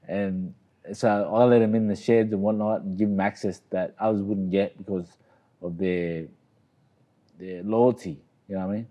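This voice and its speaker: A man's voice: low-pitched, steady tone, normal speed, warm tone. A middle-aged Australian man telling a long story in a casual, rambling way, often saying "you know what I mean". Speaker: interview guest, boxer.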